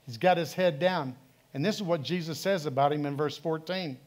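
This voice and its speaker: Pastor, man, high pitch, emphatic repetitive sermon delivery in church. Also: normal speed. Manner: emphatic, repetitive preaching with rhetorical questions. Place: church sanctuary.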